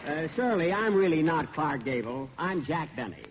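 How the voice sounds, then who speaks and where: A male host delivers dry, deadpan comebacks in a slightly high voice that moves around a lot. The audio is a dull 1941 radio broadcast with clear hiss. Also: normal speed. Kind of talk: scripted radio comedy hosting.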